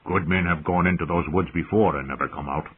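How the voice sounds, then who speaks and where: A man voicing a gruff, sour old soldier of the watch in an audiobook, speaking slowly and bluntly, heard through a narrow, phone-like sound. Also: deep voice, a little hiss or hum, natural voice. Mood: grim, blunt. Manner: slow, blunt, grunting.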